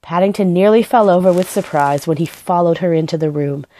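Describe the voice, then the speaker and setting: A woman reading a children's book aloud, in a gentle and expressive storytelling manner. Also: on the low side, a little fast. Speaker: storybook reader.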